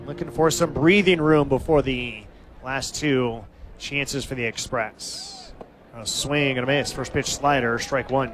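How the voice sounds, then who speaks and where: A man calling live baseball play-by-play as the team's announcer, giving steady, stat-heavy recaps of the game. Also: mid-range voice, unhurried, a little hiss or hum.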